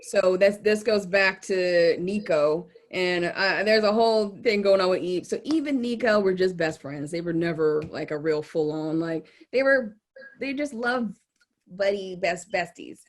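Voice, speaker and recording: A woman's voice: lowish voice, measured pace. A woman co-hosting a podcast, chatting casually and bluntly about a TV show, with plenty of swearing and laughing asides. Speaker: podcast co-host.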